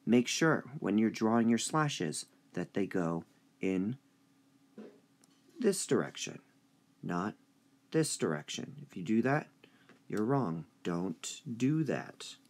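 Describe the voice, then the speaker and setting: A man teaching a high school English review lesson, speaking slowly and deliberately and drawing out stressed syllables. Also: very animated.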